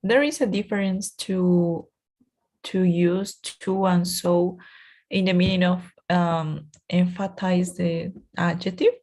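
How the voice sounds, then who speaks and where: A woman's voice: lowish voice, fairly even intonation, takes it slowly, darkish tone. A woman learning English in an online lesson, speaking hesitantly and searching for words. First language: not English.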